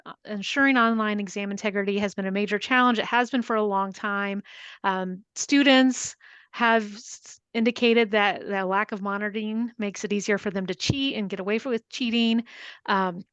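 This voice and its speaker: A woman presents her research to an online class, explaining it in a steady, organized way. Her voice is fairly high, smooth and resonant. The sound is dry and close, as if she is on a video call. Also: no room sound. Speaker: guest presenter, online learning director.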